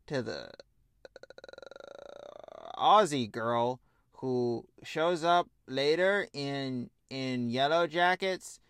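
A man co-hosting a casual podcast chat, animated and laughing, with frequent swearing and quick asides. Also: mid-range voice, clear, resonant tone, dry recording, clean studio sound. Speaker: podcast co-host.

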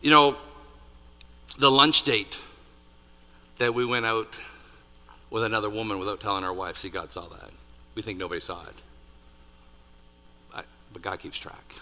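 A man preaching a sermon, building to loud peaks on key points and dropping to hushed asides. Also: lowish voice, normal speed, pauses often. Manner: animated, rising to near-shouts on emphasis, dropping to hushed asides. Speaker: pastor. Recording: reverberant hall.

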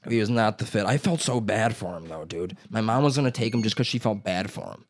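A man's voice: fairly low pitch, expressive, fairly quick. A young man telling a long story in casual chat, full of "dude" and "like" and acting out what others said. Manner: rambling storyteller, heavy on "dude" and "like"; acts out other people's lines in quotes.

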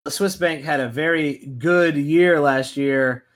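A man's voice: fairly high pitch, slow, a bit bright. A man co-hosting a fantasy basketball podcast, talking casually and emphatically, repeating his points with plenty of fillers. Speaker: podcast co-host.

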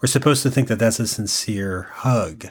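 A man's voice: fairly low pitch, moderate pace, slightly rough. A man co-hosting a casual film discussion, asking questions and making skeptical asides. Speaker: podcast co-host.

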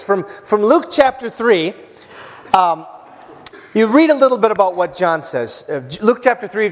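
A male pastor delivers a sermon with a high voice that swings widely in pitch. He talks in a loose, joking way, stumbling through fillers and restarts. His voice rings out through a church hall with a long reverb. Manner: casual, joking preacher with many fillers and restarts.

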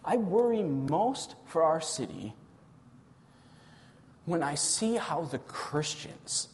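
A man preaching a sermon as pastor of his church, impassioned, swelling loud and dropping low for emphasis. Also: long reverb tail.

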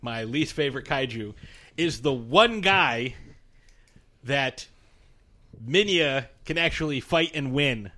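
A man co-hosting a podcast in casual chat, animated and profane, laughing often as he talks. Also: mid-range voice, slow pace, pauses often. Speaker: podcast co-host.

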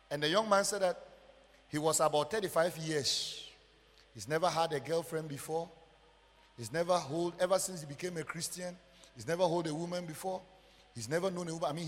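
A male pastor with a Ghanaian English accent, preaching emphatically and swinging from loud outbursts to quiet murmurs. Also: fairly high pitch. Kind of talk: sermon. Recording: long church hall reverb.

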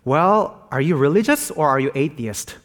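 An eager, zealous pastor in a told joke grills a stranger with rising excitement, as a man puts him on. The voice sits higher than usual, and each question is pressed with growing enthusiasm. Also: normal speed, lightly acted.

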